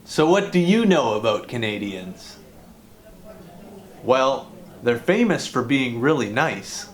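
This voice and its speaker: A man teaches English to learners in a scripted lesson, explaining grammar clearly and deliberately. His voice is medium-pitched with big pitch swings.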